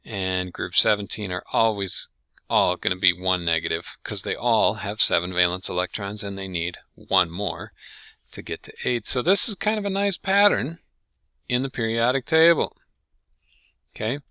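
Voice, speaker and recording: A lower-pitched man with a very bright, forceful tone teaches a recorded chemistry lesson. He talks patiently and keeps checking in with his students. The sound is close and dry. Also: normal speed, clear, resonant tone, no room sound. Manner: patient, checks in with frequent "okay?".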